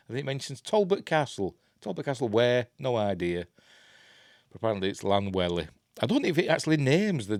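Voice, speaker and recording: Rambling Yorkshire man, low dry voice. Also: dry recording. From Yorkshire, England. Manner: rambling, self-deprecating, mutters to himself. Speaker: host reviewing films. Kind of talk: casual film review chat.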